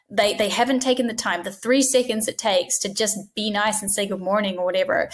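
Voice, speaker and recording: A woman's voice: medium pitch, steady tone, fairly quick, creaky, few pauses. Woman coaching on phone manners. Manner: direct, emphatic coaching with acted-out phone greetings. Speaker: dental practice trainer. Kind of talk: instructional talk.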